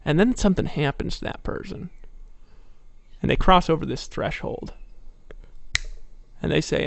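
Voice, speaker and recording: A man delivers a motivational sales pitch in a somewhat high, gravelly voice. He tells stories and keeps pressing with rhetorical questions. The recording is dry and close. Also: measured pace, pauses often, no room sound. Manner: persuasive storytelling, rhetorical questions. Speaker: network marketing presenter.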